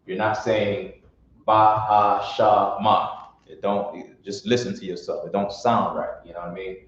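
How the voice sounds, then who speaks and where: A man's voice: sits low, steady tone, normal speed. A man teaching a classroom lesson on pronunciation, sounding out syllables one by one in a blunt, informal way. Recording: echoey room from far off, dull lo-fi.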